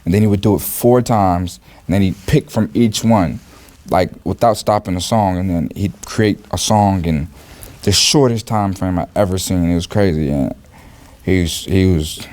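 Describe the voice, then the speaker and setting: A man reflecting in an interview, with a soft-spoken manner and many fillers. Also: low-pitched, normal speed. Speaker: interview guest.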